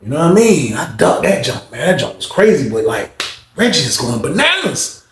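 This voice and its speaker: A high-pitched man spins prison stories, lively and animated. He acts out others' lines, climbing higher and louder, in an echoey room. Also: moderate pace, a little hiss or hum. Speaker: storyteller recounting prison life. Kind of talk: casual storytelling to camera.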